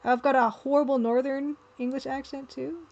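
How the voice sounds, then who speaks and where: A woman's voice: high-pitched, fairly even intonation, normal speed, a little mellow, muffled recording. Chatty, playful woman livestreamer. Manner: chatty, playful, laughs easily. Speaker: livestreaming artist and game developer. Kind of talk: casual livestream chat.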